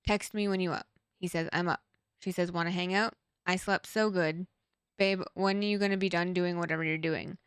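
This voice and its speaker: A young woman hosting a true crime reaction video, reading text messages aloud in a flat run and breaking off for blunt, profane asides. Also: on the low side, moderate pace, clean tone, no echo, studio quality. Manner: reads texts flatly, blunt asides with swearing. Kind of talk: casual reading and commentary.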